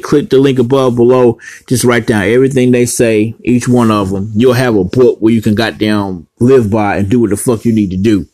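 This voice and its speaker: A man's voice: on the low side, darkish tone, dry recording. A man in a rambling, profanity-heavy vlog rant, blunt and scattered, with casual dialect grammar. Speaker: vlogger.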